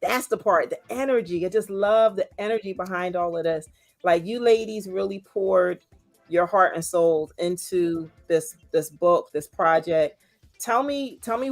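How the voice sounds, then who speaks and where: A woman hosting a live video-call chat, animated and playful as she talks with her guest. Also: medium pitch. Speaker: host. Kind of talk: casual chat.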